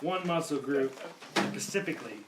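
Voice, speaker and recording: Halting man, distant in a noisy room. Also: medium pitch. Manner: rambling, halting explanations. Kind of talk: casual chat at a game table. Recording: roomy, from far off, noisy.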